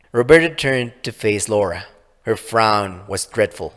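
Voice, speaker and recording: Man reading a dark short story. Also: lowish voice, lively intonation, measured pace. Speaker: author and reader. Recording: long reverb.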